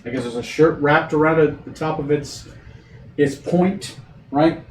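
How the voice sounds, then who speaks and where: A man narrating as game master of a tabletop game, halting and hesitant as he reads out descriptions. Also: a little high, a little mellow. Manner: halting, many fillers, reading descriptions aloud. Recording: echoey room, far from mic, faint hiss.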